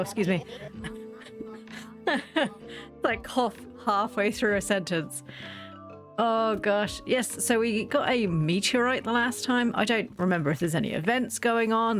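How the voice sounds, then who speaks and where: A woman streaming a farming game while sick and sore-voiced, chatting casually and self-deprecatingly, laughing and greeting viewers by name. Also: medium pitch. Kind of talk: casual live-stream chat while playing. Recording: faint background game music.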